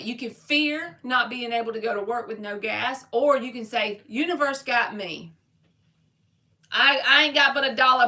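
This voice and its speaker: This tarot reader's fairly high voice sounds pushed and bright. She's doing a live-stream reading, speaking straight to her audience in loose, slangy terms.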